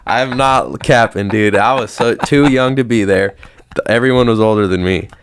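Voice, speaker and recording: A man's voice: lowish voice, moderate pace, faint music behind. A young man casually telling a rambling story on a podcast, slangy and swearing often. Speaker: podcast host.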